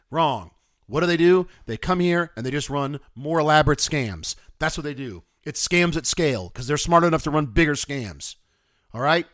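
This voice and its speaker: A man in his thirties hosting a podcast, ranting sarcastically in a casual monologue and swinging from low mutters to shouting, on a close studio mic. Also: animated, normal speed, no room sound. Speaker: podcast host.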